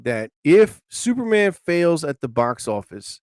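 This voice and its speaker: A man hosting a casual live stream, rambling excitably and breaking into frustrated, swearing outbursts. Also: on the high side, a little slow, no echo, studio quality. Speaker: live show host.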